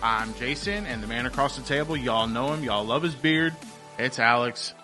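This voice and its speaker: A man's voice: mid-range voice, moderate pace, over music. A man hosting a faith podcast, chatting casually in an upbeat, rambling way with many fillers and restarts. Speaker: podcast host.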